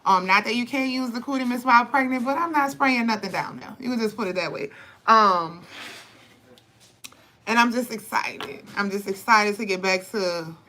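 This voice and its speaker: A young woman talks straight to her viewers with blunt, profane, animated storytelling. Her voice sits a little high and sounds bright and forceful. A faint hiss runs behind her. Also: moderate pace, low-quality recording. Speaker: vlogger, birth advocate. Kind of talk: candid casual talk to camera.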